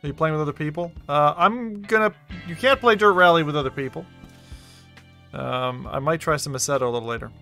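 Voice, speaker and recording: A man streaming a VR racing game, talking casually, excitable and swearing freely. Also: fairly high pitch, brisk, gravelly, soft background music. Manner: excitable, swearing, laughing a lot. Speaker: VR gaming streamer. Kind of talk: casual live-stream commentary.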